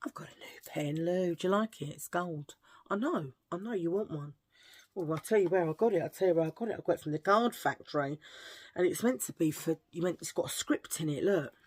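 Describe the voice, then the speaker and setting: A woman's voice: on the low side, expressive, fast, darkish tone, husky. A woman chatting to camera as a beauty vlogger, rambling and telling cheesy jokes. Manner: chatty, jokey, rambling asides. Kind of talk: casual chat to camera.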